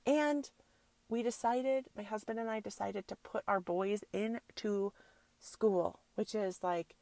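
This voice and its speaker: A woman with a gravelly, fry-tinged voice talks through a personal story on her podcast. She is casual and animated and drops in spiritual affirmations. The sound is close and dry, with no room around it. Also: medium pitch, slow pace, dry recording. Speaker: podcast host.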